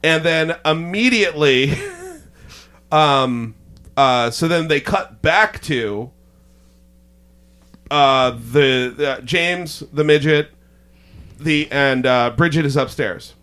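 A man's voice: fairly high pitch, slow, pauses often, fairly bright tone. A man hosting a casual chat, laughing often and stalling with fillers as he recaps a story.

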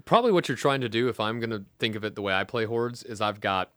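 An excitable man talking about a tabletop war game on a podcast. His pitch swoops widely as he works through ideas. The sound is dry and close. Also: fast, dry recording. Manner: excitable, animated, swears casually. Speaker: podcast co-host. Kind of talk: casual tabletop gaming chat.

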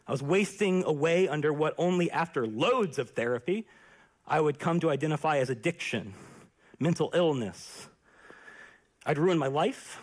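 A young pastor preaches an earnest sermon. His voice sits a little high and has a husky edge. He swings from fervent peaks to near-whispered, hushed stretches. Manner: earnest and impassioned, with hushed quiet passages.

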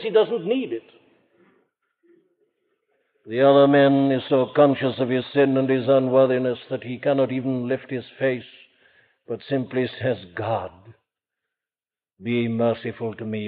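A man preaching a sermon with fervent rises and solemn hushed passages. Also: on the high side. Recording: old lo-fi phone-band recording in a reverberant hall.

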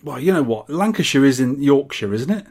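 A British man co-hosting a casual podcast, reading out listener feedback. He has a dry, teasing way of talking. His voice sits at an ordinary middle pitch. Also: lively intonation, fairly quick, a little mellow, slightly rough, soft background music. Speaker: podcast co-host.

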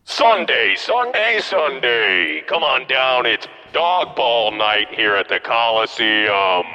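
A man voicing a loud, crude male event announcer giving a shouty sales pitch. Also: exaggerated voice. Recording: dull lo-fi sound with long reverb.

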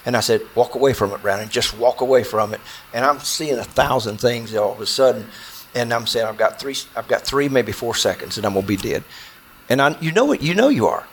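A man recounts a close call to a small audience seated around him. His pitch sits squarely in the middle of the range, and his delivery is intense and halting, full of restarts and repeated words. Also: lively intonation, slight background noise. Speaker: bowhunter telling a story. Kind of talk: personal storytelling to a small audience.

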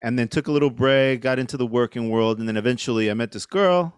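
A man's voice: mid-range voice, fast talker, clean tone, no echo, studio quality. A middle-aged man, a podcast guest, telling a story casually with lots of fillers and swearing. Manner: rambling, profane, lots of fillers.

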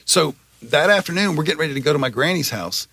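A man's voice: fairly high pitch, expressive, fast, gravelly, pushed and bright, husky, dry recording. A man from Georgia hosting a podcast, telling a rambling, profane story in casual chat. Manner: rambling, profane, lots of fillers. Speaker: podcast host.

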